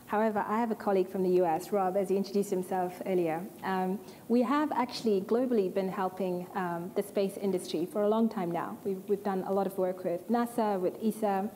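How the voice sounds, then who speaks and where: A woman from Australia moderating a conference panel, upbeat and brisk as she hands over to speakers. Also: mid-range voice, fairly even intonation, warm tone. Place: conference hall. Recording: hall reverb, faint noise.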